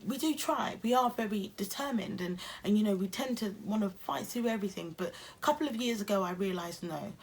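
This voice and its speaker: A woman's voice: mid-range voice, animated, brisk, few pauses, slightly rough. A young adult woman with an English accent, talking earnestly and encouragingly to camera in a self-care vlog. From England. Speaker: YouTuber.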